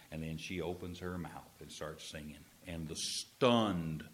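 A male pastor preaching a sermon in church. He tells the story with jokes and swings between loud and hushed delivery. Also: extremely low pitch, slow, husky. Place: church service.

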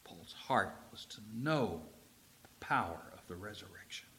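A man from Texas, a preacher delivering an emphatic sermon and slowing down to stress key phrases. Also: fairly low pitch, expressive, bright, forceful tone, a little hiss or hum.

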